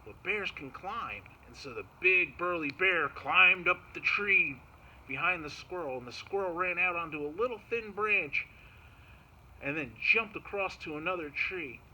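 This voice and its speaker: Bright, animated male storyteller. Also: sits high, a little slow, a little hiss or hum, rough recording. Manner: animated, chanting sound effects. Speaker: park storyteller. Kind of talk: storytelling for children.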